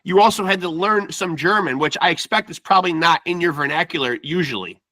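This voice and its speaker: A man hosting a podcast interview, asking questions with a halting, hesitant delivery. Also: on the high side, sharp tone, no echo. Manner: halting, full of uh fillers. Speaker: podcast host. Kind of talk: casual interview.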